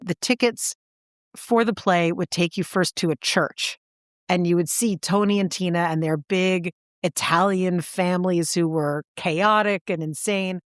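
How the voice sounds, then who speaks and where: A woman co-hosting a podcast, chatting and telling stories with animated impressions. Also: lowish voice, measured pace, no room sound, studio quality. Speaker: podcast co-host. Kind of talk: casual chat.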